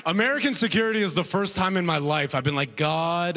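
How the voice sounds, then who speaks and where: A young male comedian works a live stage set in a loose, self-deprecating way, dropping "right?" after his jokes. His voice sits a touch high. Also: brisk, big-room sound, noisy background. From Sudan. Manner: conversational, self-deprecating, frequent "right?" tags and laughs. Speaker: stand-up comedian. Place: comedy club stage before a live audience.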